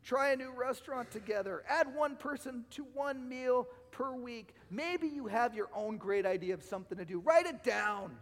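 A male pastor preaching a sermon, using repetition and swinging between loud and quiet phrases, his voice going hoarse. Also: very high-pitched, moderate pace, few pauses, long reverb tail. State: losing his voice. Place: church sanctuary.

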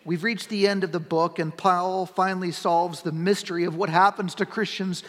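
A middle-aged man preaching a sermon as pastor, talking conversationally and building to emphatic, near-shouted points. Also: sits high, steady tone, moderate pace. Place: church sanctuary. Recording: long church-hall reverb.

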